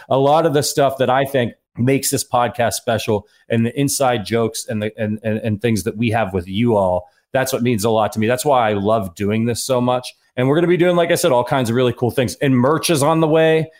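A man hosting a sports podcast, talking in an earnest, rambling way with frequent restarts. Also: mid-range voice. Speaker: podcast host. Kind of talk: casual podcast chat.

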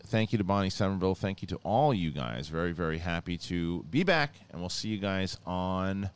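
Teasing, low-voiced male podcast host. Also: animated, normal speed, few pauses. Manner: teasing, loose, swears casually. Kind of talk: casual chat. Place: podcast studio.

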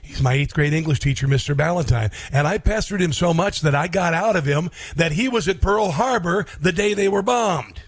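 Husky-voiced middle-aged man hosting radio. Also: a little high, expressive, moderate pace, few pauses, no room sound. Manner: chatty storyteller, mocking asides. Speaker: radio talk show host. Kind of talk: casual call-in show chat.

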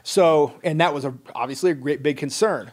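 A man whose voice is on the high side talks fairly quickly as he relates a personal story from his life as a military veteran. He's middle-aged, wry and plain-spoken in this casual podcast chat, and acts out the dialogue.

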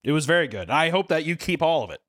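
A man's voice: on the high side, big pitch swings, quick pace, a bit bright, no room sound, studio quality. A young man co-hosting a podcast in casual, sarcastic banter, often repeating his words as he talks over a remote call. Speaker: podcast co-host. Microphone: remote call mic.

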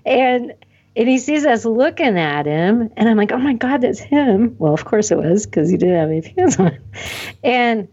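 A woman's voice: mid-range voice, lively intonation, normal speed, a little mellow, highs cut off. A woman co-hosting a podcast, telling a casual story in a chatty way and quoting herself. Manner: chatty storyteller, laughs a lot, quotes herself. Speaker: podcast co-host. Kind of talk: casual chat.

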